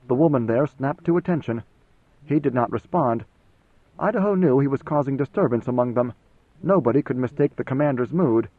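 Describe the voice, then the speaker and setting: A man reading a novel as audiobook narrator, in measured, even storytelling. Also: medium pitch, no echo. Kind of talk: scripted narration. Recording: tinny phone-like band, dry.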